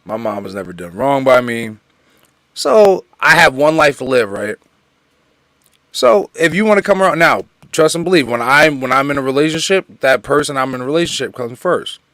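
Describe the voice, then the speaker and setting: Male podcast co-host, casual and slangy, animated delivery, dry mic. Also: medium pitch, normal speed, no room sound. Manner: animated, repeats himself, slangy.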